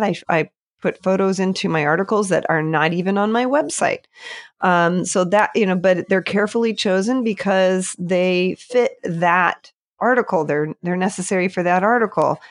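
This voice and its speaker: A woman's voice: lowish voice, no room sound. A middle-aged woman, a landscape photographer, talking as a podcast guest in a thoughtful, hesitant way with many fillers. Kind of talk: casual interview chat.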